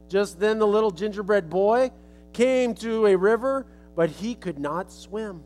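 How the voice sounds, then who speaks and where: High-voiced male preacher telling a story. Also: measured pace, a little mellow. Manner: casual, folksy retelling. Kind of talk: storytelling sermon illustration.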